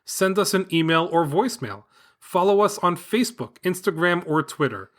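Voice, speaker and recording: A man hosting a children's podcast with his daughter, reading a script in an upbeat, enthusiastic, clearly paced way. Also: sits high, expressive, normal speed, fairly bright tone. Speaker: podcast host and father. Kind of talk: scripted podcast narration for kids.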